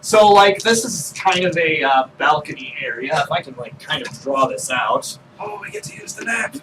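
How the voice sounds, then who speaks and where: A man running a tabletop role-playing game, describing the scene in an unhurried, hesitant way with many fillers. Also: on the high side, huge pitch swings. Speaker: game master. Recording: distant mic with faint noise.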